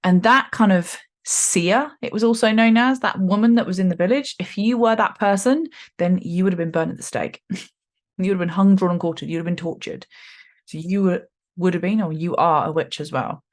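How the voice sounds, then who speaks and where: A woman in her forties hosting a podcast, talking in a chatty, animated way with slangy asides. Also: on the low side, normal speed. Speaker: podcast host. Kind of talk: casual spiritual podcast monologue.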